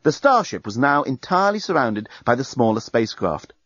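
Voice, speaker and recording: A man narrating a story aloud in an expressive, lively reading. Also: medium pitch, fairly quick, no echo. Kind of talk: audiobook narration. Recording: dry, slightly muffled.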